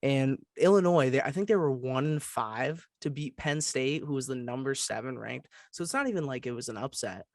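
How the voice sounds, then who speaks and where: A man's voice: medium pitch, normal speed, hardly any pauses, darkish tone, no echo, studio quality. A young man co-hosting a sports podcast, talking casually and restarting his sentences as he goes. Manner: chatty, trails off and restarts. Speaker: podcast co-host.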